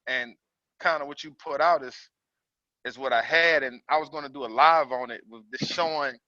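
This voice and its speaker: Bright-voiced man talking on a call. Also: mid-range voice, dry recording. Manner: halting and reflective, feeling his way through his thoughts. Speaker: caller, trucking business owner. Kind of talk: casual talk on a group call. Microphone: call audio. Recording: dull, dry call audio.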